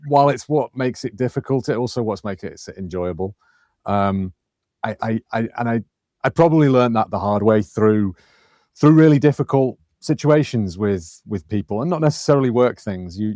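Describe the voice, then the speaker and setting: A man in his forties with a fairly low voice, recorded dry and close. He answers interview questions conversationally and often stumbles and repeats words as he thinks. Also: a little mellow, no echo. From England. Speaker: guest, company managing director.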